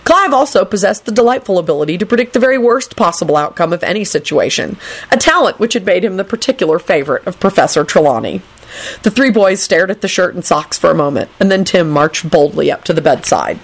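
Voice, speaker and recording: A woman's voice: on the low side, animated, fast talker. A woman reading a story aloud, narrating expressively.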